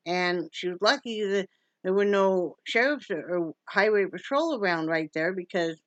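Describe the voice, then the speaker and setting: A woman's voice: mid-range voice, lively intonation, moderate pace, dry recording. A woman from Wyoming in a casual home vlog, chatty and joking and cooing at her dog. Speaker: vlogger. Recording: dull lo-fi sound.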